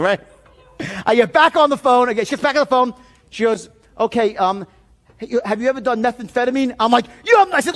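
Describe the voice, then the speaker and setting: Sales trainer, male, higher voice, acts out the story at full volume, lots of swearing. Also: quick pace. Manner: animated, profane, often shouting while acting out the story. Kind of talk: storytelling seminar talk.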